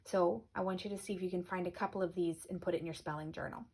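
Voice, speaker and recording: Woman teacher for a kids' spelling lesson: low, gravelly, a little husky, patient. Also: steady tone, a little mellow. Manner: patient, clear, slows down on example words. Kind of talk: recorded spelling lesson for children.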